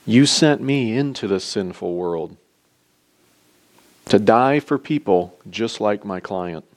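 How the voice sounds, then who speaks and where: A man voicing a calm, steadfast male defense attorney in a courtroom parable. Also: fairly low pitch, slow pace, voice pushed down. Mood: solemn.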